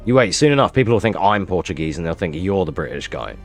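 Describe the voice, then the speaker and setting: A man's voice: low voice, sing-song, quick pace, soft background music. A man streaming live gameplay, joking with his chat and explaining his moves as he plays.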